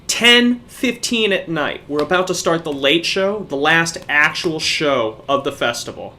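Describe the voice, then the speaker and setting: Profane, animated young man telling a story. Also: on the high side, measured pace, slight background noise. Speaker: podcast co-host. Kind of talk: casual storytelling chat.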